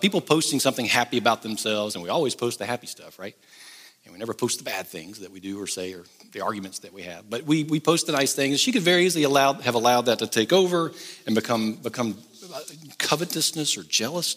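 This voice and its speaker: A man's voice: mid-range voice, fairly bright tone, big-room sound. A middle-aged man preaching a sermon, switching between earnest appeals and joking asides. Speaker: pastor.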